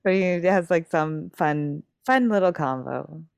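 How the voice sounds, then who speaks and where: A woman's voice: deep voice, measured pace, gravelly, a little mellow, no room sound, clean studio sound. A young woman in casual chat, talking loosely with lots of fillers and laughter.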